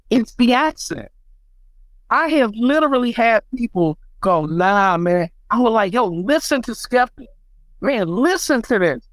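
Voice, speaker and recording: An American man, a beatmaker guest on a podcast, telling stories in an animated, emphatic way. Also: very high voice, smooth, dry recording, poor audio. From United States. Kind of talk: casual podcast chat.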